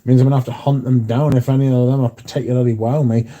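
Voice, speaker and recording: A man's voice: medium pitch, level tone, fast, mellow. Chatty man reading live chat. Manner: chatty, swears freely, reads out viewer comments. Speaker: livestream host reading chat. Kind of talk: casual chat.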